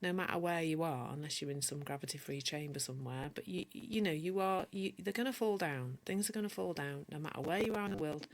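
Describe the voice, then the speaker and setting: A woman's voice: deep voice, quick pace, few pauses, slight background noise. A woman from Yorkshire with a mild Yorkshire accent, giving a chatty live-streamed teaching talk as a coach and answering viewer comments as she goes. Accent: mild Yorkshire English. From Yorkshire, northern England. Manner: many restarts and self-corrections.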